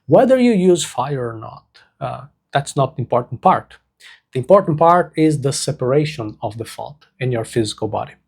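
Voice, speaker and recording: Gravelly-voiced man teaching slowly. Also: medium pitch, lively intonation. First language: Portuguese. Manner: slow, deliberate, repeats key words. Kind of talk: self-help lesson.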